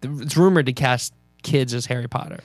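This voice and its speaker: A man's voice: mid-range voice, normal speed, no room sound, studio quality, soft background music. Easygoing man with a mid-range voice. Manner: easygoing, laughs often. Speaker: podcast co-host. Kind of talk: casual chat.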